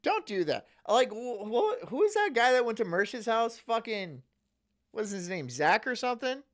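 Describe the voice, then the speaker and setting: A man's voice: very high voice, sing-song, moderate pace. A man streaming, chatting casually in profane, rambling rants. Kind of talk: casual chat.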